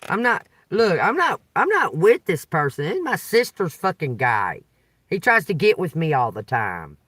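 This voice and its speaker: A woman's voice: lowish voice, sing-song, moderate pace, a bit bright, no echo. A woman ranting in a profane, agitated way, recorded a little away from the mic in a dry car. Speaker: tarot reader. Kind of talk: unscripted venting vlog.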